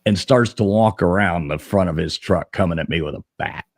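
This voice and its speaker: A man's voice: low-pitched, a little fast, no room sound, studio quality. A man co-hosting a casual podcast, telling a long rambling story, swearing freely and laughing as he goes.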